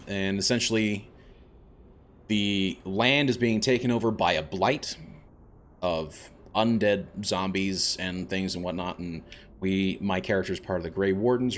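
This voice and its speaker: Guy streaming a game, rambling along and chuckling, lowish voice. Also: slight background noise. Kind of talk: casual let's-play commentary.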